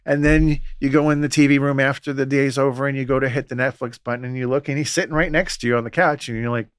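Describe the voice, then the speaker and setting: A man, a Catholic priest, telling stories in a relaxed podcast conversation and acting out the voices he quotes. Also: medium pitch, fast, clean tone, no room sound, clean studio sound. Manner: storytelling, acts out quoted voices. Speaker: Catholic priest and exorcist guest.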